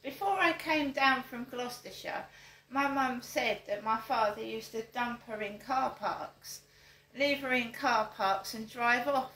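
A woman's voice: fairly high pitch, a little slow, sharp tone, reverberant, rough recording. An older woman, talking straight to camera, stressing her points and repeating them as rhetorical questions. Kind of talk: direct-to-camera monologue.

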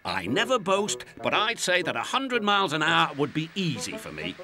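A man's voice: fairly high pitch, huge pitch swings, slow pace, music in the background, full character voice. A man voicing a proud, grumbling big male express engine with a pompous, huffy manner.

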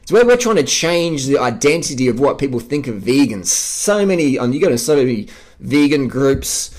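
A man's voice: mid-range voice, very animated, normal speed. An Australian man vlogging an unscripted rant, emphatic and profane, hammering his points by repeating phrases. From South Australia.

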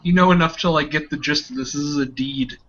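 A man's voice: on the high side, fast, fairly bright tone, slight background noise. A man narrating a tabletop game as game master, in a loose, filler-heavy way. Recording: dull lo-fi recording.

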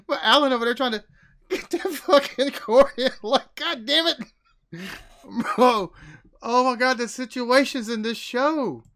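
A man's voice: very high voice, unhurried, bright, forceful tone. An American man reacting to a sitcom episode, talking casually with exclamations and swearing. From United States. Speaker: reaction video host.

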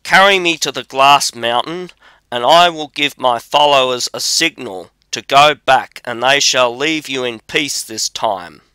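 A man's voice: mid-range voice, unhurried, bright, forceful tone, clear, resonant tone, no echo. A man reading as a bold young drummer. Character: brave, boastful young male drummer.

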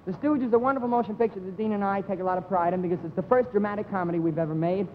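A young man hosting a live comedy TV show, delivering announcements in a mock-earnest pitchman manner. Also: racing, big-room sound, slight background noise. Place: TV studio stage before an audience. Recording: dull 1950s TV broadcast with loud studio audience.

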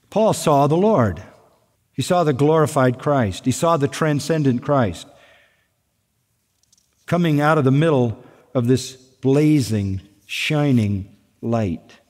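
A man preaching a sermon as pastor, emphatic, slowing down to stress key points. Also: a little high, lively intonation, a little mellow. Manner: emphatic preaching, slows down for weight. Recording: long hall reverb.

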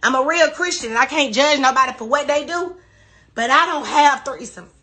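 A woman's voice: sits high, moderate pace, bright, forceful tone. A woman on a livestream, talking emphatically and with plenty of profanity, repeating her denials over and over. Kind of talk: emotional livestream rant.

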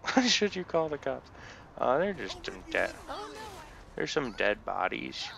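A man's voice: mid-range voice, very animated, unhurried, vocal fry, pushed and bright. A young man giving casual gameplay commentary, goofing around and trash-talking game characters. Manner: goofy, playful trash talk to game characters. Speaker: let's play gamer. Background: game music and gunfire.

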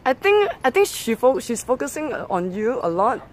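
Lively Singaporean streamer outdoors at night. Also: normal speed, hardly any pauses. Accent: Singaporean English. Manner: calls dogs loudly in a high, excited voice, then drops to low asides. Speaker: livestreamer. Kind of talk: casual outdoor livestream. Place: outdoor park playground at night. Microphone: handheld camera.

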